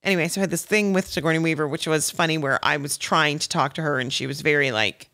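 A woman's voice: low voice, fairly even intonation, fast, fairly bright tone. A middle-aged woman, an actress and comedian guest, telling funny anecdotes, laughing often and acting out the voices in her stories.

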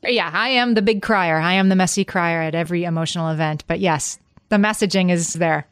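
Woman, lowish voice, casual podcast storytelling, dry close sound. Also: a little fast, smooth, no echo. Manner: storytelling, animated when retelling anecdotes. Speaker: podcast co-host.

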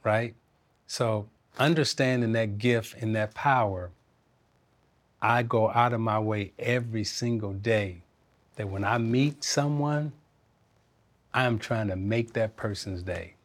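A man, talking as a guest in an interview, earnest and reflective and quick to laugh. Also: lowish voice. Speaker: interview guest, former basketball player and coach. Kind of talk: casual interview talk.

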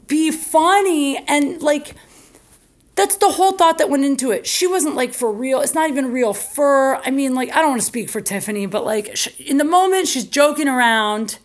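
Animated storytelling woman, bright-pitched. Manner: animated, acts out quotes with raised pitch, swears freely. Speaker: podcast host. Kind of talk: storytelling, casual comedic anecdote.

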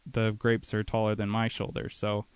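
Young male winemaker, smooth flat voice. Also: on the low side, no echo. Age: young adult. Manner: relaxed, a bit halting, with fillers. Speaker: winemaker guest. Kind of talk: casual radio interview.

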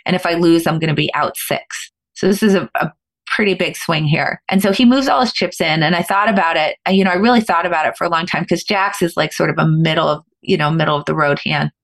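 Woman, middle-aged, podcast guest, gravelly voice, animated storytelling. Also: fairly low pitch. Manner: animated, fast-flowing anecdotes with restarts. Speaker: guest, former professional poker player.

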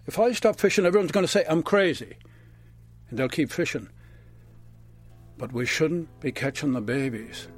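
A man's voice: a little high, normal speed, pauses often, faint music behind, lightly acted. A man doing a blunt old fisherman. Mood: earnest. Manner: blunt, calls people "boy". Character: gruff older male Newfoundland fisherman, blunt and earnest.

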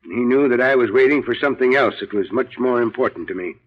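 An actor playing a kindly elderly uncle who owns a ranch, talking steadily and decisively in 1940s radio acting. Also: male voice, medium pitch, fast talker, close to an everyday voice. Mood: steady. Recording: dull old radio broadcast.

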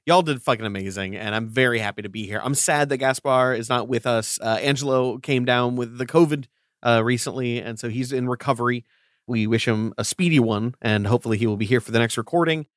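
A man's voice: medium pitch, brisk, no room sound. Male host, upbeat and loose-mouthed, close dry mic. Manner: upbeat, swearing casually. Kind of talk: casual chat.

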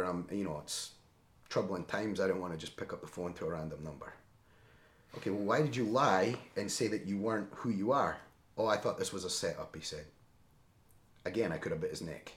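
Middle-aged ex-Marine guest, very low voice, animated storyteller, roomy echo. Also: male voice, normal speed, pauses often. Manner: animated, seeks agreement with frequent "right?". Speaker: podcast guest, former Marine. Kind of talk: conversational war storytelling.

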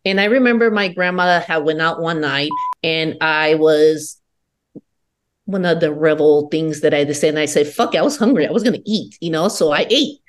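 A woman's voice: deep voice, moderate pace. A woman from Peru, a podcast guest, telling her personal story in a candid, profane and defiant way.

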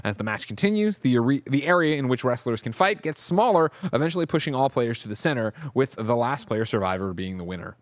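A man's voice: mid-range voice, quick pace, few pauses, no room sound. Guy reading out game news on a podcast, voice jumps up and down a lot, dry close mic. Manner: lively delivery, reads reports aloud with asides. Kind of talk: casual news chat.

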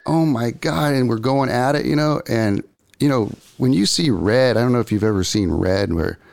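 An older man, a guest, telling a story in a casual, animated way, full of surfer slang and acted-out quotes. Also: medium pitch, normal speed, gravelly.

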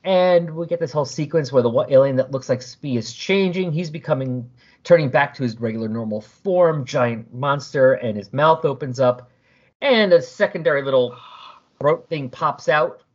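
A man hosting a podcast, casually recapping a comic in an animated storytelling way. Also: mid-range voice, moderate pace. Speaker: podcast host. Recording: dull lo-fi recording.

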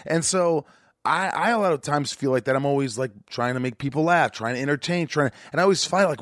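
A man's voice: fairly high pitch, fast talker, fairly bright tone, no room sound, studio quality. A man hosting a podcast, asking questions and reflecting earnestly in casual conversation. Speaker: podcast host. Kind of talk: casual interview chat.

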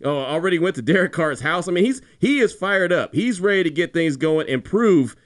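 A man co-hosting a sports talk radio show, emphatic and animated in his arguments. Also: a little high, a little fast. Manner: emphatic, animated, repeats "you know what I'm saying".

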